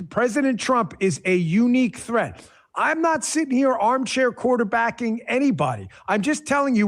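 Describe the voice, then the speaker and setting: A man giving emphatic, animated podcast commentary as a political host, full of asides. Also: very high voice.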